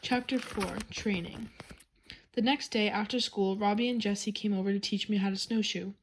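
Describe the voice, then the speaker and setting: A woman's voice: mid-range voice, steady tone, moderate pace, noisy background. A woman reading a children's chapter book aloud in a plain storytelling manner. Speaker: reader.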